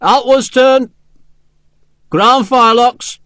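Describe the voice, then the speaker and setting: A man's voice: a little high, normal speed, no room sound, studio quality, close to an everyday voice. A man voicing an arrogant, ruthless male army major who speaks with lordly scorn and barks commands. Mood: barked commands.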